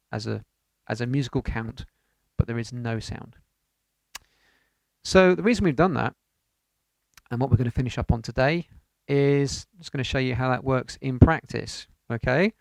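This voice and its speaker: A man leads a piano lesson, talking learners through rhythms and counting beats aloud in an encouraging way. His voice is strongly gravelly with lots of fry. The recording is dry and close. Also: medium pitch, no room sound. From United Kingdom. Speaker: piano teacher. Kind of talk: online music lesson.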